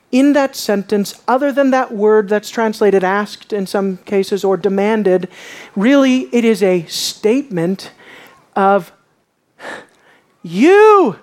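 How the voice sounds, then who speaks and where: Slow, emphatic woman preacher. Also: mid-range voice. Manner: emphatic, swells from quiet to shouting. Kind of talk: sermon.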